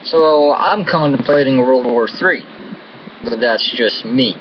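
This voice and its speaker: An American man vlogs a slow-paced, angry political rant to camera in a mid-range voice, profane and thick with contempt and insults. The recording is dull and lo-fi, with air conditioning humming in the background.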